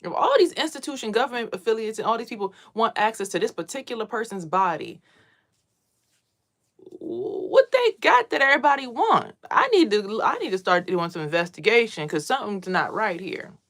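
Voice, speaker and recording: A young adult woman, a spiritual vlogger, talking casually and bluntly to camera with lots of swearing, getting louder as she gets worked up. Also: mid-range voice, fast, few pauses. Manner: blunt, profane, ranting; animated, swings louder when worked up.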